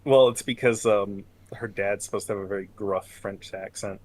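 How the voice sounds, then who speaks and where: A man's voice: on the low side, fairly even intonation, moderate pace, darkish tone. A man from Canada chatting casually as game master before a tabletop session, mumbling at times and swearing freely when he rants.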